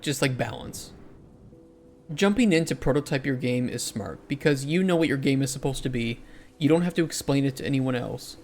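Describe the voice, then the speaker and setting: Chatty game developer streaming while coding. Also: male voice, medium pitch, darkish tone. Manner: chatty, answers chat, restarts sentences. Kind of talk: casual livestream chat while coding.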